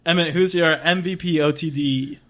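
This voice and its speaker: A man's voice: on the high side, steady tone, moderate pace. A man co-hosting a casual podcast chat, upbeat and enthusiastic, often breaking into giggles. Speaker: podcast co-host.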